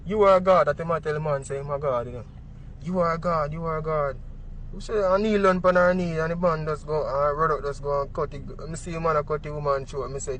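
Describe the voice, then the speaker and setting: High-voiced Jamaican man telling his story. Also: a little hiss or hum. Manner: vivid storytelling in patois, acting out quotes. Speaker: witness. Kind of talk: emotional eyewitness account.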